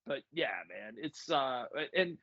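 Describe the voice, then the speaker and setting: A man's voice: medium pitch, lively intonation, takes it slowly, a bit bright, breathy edge, no room sound. An American man co-hosting a casual movie podcast, rambling with asides and laughing often. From United States. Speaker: podcast co-host. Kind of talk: casual chat. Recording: dull lo-fi dry sound.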